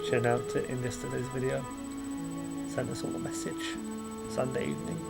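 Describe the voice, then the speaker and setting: A man's voice: mid-range voice, little pitch movement, brisk, creaky, over loud music, rough recording. A young man giving a casual video review, rambling and apologetic, often correcting himself.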